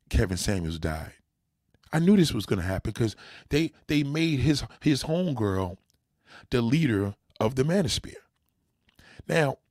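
A man's voice: on the low side, slightly rough, no room sound, clean studio sound. A man with a New York accent hosting a livestream, talking emphatically and addressing his viewers directly. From New York City. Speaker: livestream host. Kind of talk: opinionated livestream rant.

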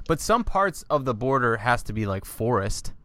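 A man's voice: mid-range voice, sing-song, moderate pace, fairly bright tone. A man hosting a podcast in casual chat, teasing his guest with crude jokes and frequent swearing. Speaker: podcast host.

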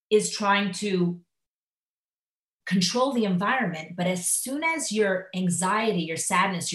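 Woman teacher, mid-pitched, animated live classroom talk, roomy echo. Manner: animated, acts out inner voices, many fillers. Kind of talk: live lecture on Jewish thought. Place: classroom at a school.

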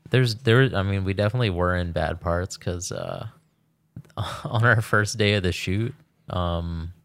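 Deep gravelly man, laid-back. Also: very animated, unhurried, fairly bright tone. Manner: laid-back storyteller, lots of fillers. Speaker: podcast co-host. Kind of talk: casual chat.

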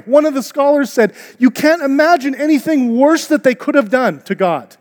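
Pastor guy preaching, fairly high voice, chatty and earnest, long echo from a big church hall. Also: animated, normal speed, few pauses. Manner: earnest, conversational preaching with rhetorical questions. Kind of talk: sermon. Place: church auditorium.

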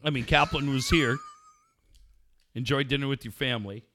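A man's voice: mid-range voice, moderate pace, bright, forceful tone, slight background noise. A middle-aged man co-hosting a podcast in crude casual chat, profane and mocking, laughing often. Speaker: podcast co-host.

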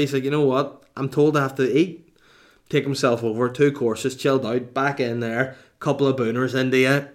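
A middle-aged man, a comedian chatting casually and reading out viewer questions, with cheeky, crude banter and quick asides. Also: medium pitch. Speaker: comedian hosting a live Q&A stream.

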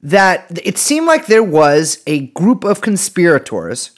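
A man's voice: high voice, huge pitch swings, slow pace. A man co-hosting a podcast, talking casually with many restarts, jokes and swearing. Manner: rambling, jokey, many restarts and profanity. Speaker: podcast co-host. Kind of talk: casual chat.

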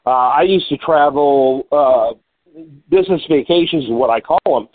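A man's voice: medium pitch, moderate pace. A man hosting a casual business interview, talking in a loose, conversational way with fillers and repeats. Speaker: podcast host. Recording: phone-like call audio.

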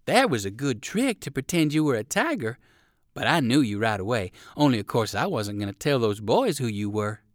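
A man's voice: medium pitch, sing-song, normal speed, no room sound, clean studio sound, lightly acted. A man voicing a friendly young male dog in a storybook reading, talking in an eager, chatty way. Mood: grateful.

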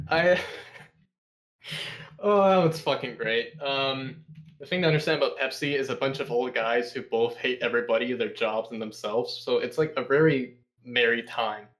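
A young man, a podcast guest, telling casual stories and swearing constantly in a sarcastic, animated way. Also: mid-range voice, measured pace, long pauses. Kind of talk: casual profane storytelling.

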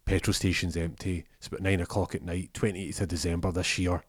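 A man's voice: deep voice, level tone, slightly rough, no echo, clean studio sound. A man telling a rambling comic story, slipping into characters' voices as he goes. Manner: rambling, acts out characters in quick bursts.

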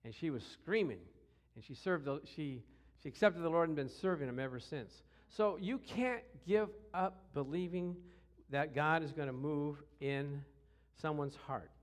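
A middle-aged man preaching a sermon through personal stories, acting out voices with shouts and growls. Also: fairly high pitch, unhurried. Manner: animated, acts out quotes with shouts and growls. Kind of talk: storytelling sermon.

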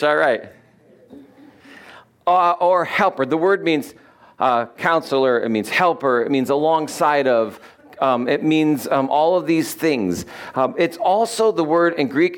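A man's voice: medium pitch, a bit bright. A man preaching a conversational sermon, joking with the congregation and explaining words with frequent fillers. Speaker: pastor.

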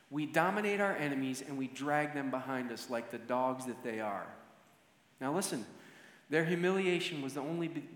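A man's voice: high-pitched, a bit bright. A man telling a story to teach, acting out the scene vividly. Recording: echoey hall with long reverb.

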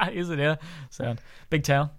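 A man's voice: on the high side, fairly bright tone. An Irish man hosting a podcast in casual chat, talking in a chatty, ranting way that gets worked up. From Ireland. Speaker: podcast host.

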